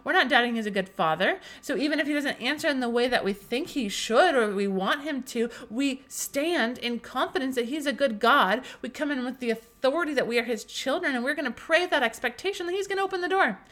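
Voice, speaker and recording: A young woman with a somewhat high voice hosts a casual faith podcast. She tells a personal story earnestly and emotionally. Her speech is full of restarts and fillers. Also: expressive, fairly quick, few pauses, a bit bright. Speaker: podcast host.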